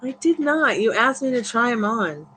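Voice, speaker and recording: A woman's voice: on the high side, big pitch swings, moderate pace, bright, forceful tone, a little hiss or hum, poor audio. A woman hosting a live tarot stream who chats casually and coos playful baby talk to her dogs. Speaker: tarot reader and livestream host. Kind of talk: casual livestream chat.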